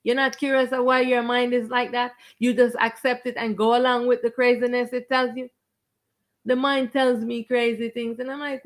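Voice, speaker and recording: A woman's voice: a little high, level tone, normal speed. A woman acting as a spiritual teacher, preaching to viewers on a live stream in an emphatic, confrontational way. She stretches out stressed words and repeats her phrases.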